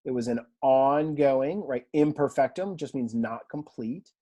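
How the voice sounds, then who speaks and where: A man teaching a language class in a relaxed lecture style, chatty and self-deprecating, often quizzing his students. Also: mid-range voice, a little slow. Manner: conversational, self-deprecating, asks the class questions. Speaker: Greek teacher.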